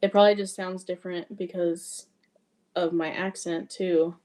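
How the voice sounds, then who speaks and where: A woman's voice: on the low side, level tone, normal speed, mellow. A woman from Wyoming with a mixed Wyoming and Southern accent, chatting casually on a livestream and answering viewer comments. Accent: mixed Wyoming and Southern Louisiana. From Wyoming, USA. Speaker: cross-stitch livestreamer.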